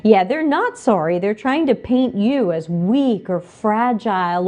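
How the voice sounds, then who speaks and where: A woman hosting a livestream, reading viewer comments aloud and answering them with animated emphasis. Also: mid-range voice, unhurried, few pauses. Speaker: livestream host reading chat.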